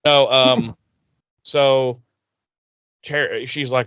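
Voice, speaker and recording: A man's voice: medium pitch, a little slow, clear, resonant tone, no echo, dull audio. A man co-hosting a podcast, recapping a TV episode in casual, profane chat and acting out the characters' lines. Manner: animated, swears a lot, acts out characters' lines.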